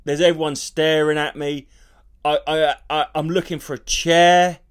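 A man's voice: on the high side, moderate pace, smooth. A man, a comedian co-hosting a podcast, telling a story with lots of swearing. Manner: animated storytelling, swearing freely. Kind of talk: casual podcast banter.

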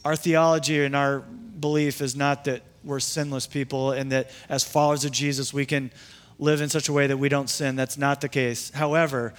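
A man's voice: mid-range voice, little pitch movement, moderate pace. A man pastor preaching a sermon in a conversational way, with asides and restarts.

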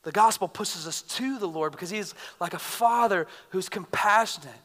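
Bright-voiced male preacher in a big hall. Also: sits high, moderate pace. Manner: earnest, conversational preaching with swings from loud bursts to quiet intensity. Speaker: pastor. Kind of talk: sermon. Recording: reverberant hall.

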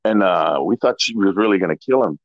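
Low-voiced man telling road stories. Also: fairly quick, no room sound. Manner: relaxed, rambling storyteller. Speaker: interview guest, former pro wrestler. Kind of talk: casual storytelling interview. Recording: dull lo-fi dry audio.

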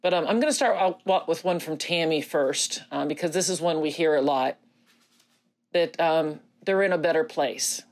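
A middle-aged woman speaking earnestly as a grieving mother to others who have lost children, halting and close to tears, with many pauses and fillers. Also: low voice, darkish tone. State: emotional, near tears. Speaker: bereaved mother addressing grieving parents. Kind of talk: personal video message.

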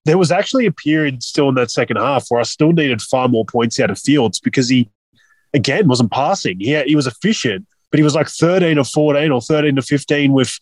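A man's voice: mid-range voice, no room sound. A man, co-hosting a podcast and bantering crudely about fantasy football. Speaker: podcast co-host. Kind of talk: casual fantasy football chat.

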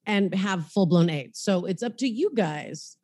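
A woman's voice: mid-range voice, animated, unhurried, a little mellow, husky, no room sound. A young woman hosting a comedy podcast, talking frankly and crudely in a casual chat and quoting others.

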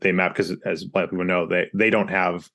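A man's voice: sits low, level tone, quick pace, pushed and bright. A man with an American accent hosting a podcast interview, engaged and thoughtful as he builds on his guest's points.

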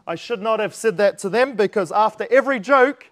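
Man, New Zealand accent, fairly high voice, chatty church sermon, easygoing with filler pauses. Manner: relaxed, chatty and self-deprecating, with frequent filler pauses. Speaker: preacher.

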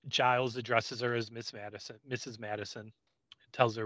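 Man, podcast co-host, casual scene recap, bright forceful voice, dry slightly dull recording. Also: mid-range voice, flat delivery, moderate pace, no room sound. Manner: frequent "um"s, loose paraphrase of scenes.

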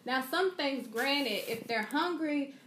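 Outspoken mom talking on a podcast, kinda high voice, echoey room, faint noise. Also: female voice, animated, slow, a bit bright. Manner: emphatic, opinionated, with colloquial grammar. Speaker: podcast co-host. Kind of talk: casual podcast chat. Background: faint ambient noise, family sounds.

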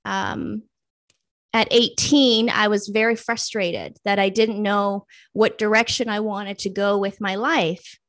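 A woman's voice: medium pitch, fairly even intonation, slow pace, fairly bright tone, no room sound, studio quality. A young adult woman, a guest in a casual interview, telling her own story and acting out past thoughts and friends' lines.

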